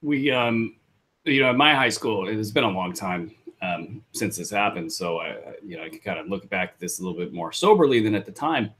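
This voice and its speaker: A man's voice: on the low side, animated, a little fast, a bit bright. A man co-hosting a live podcast in casual chat, joking, rambling and poking fun at himself. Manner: joking, rambling, self-deprecating. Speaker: podcast co-host.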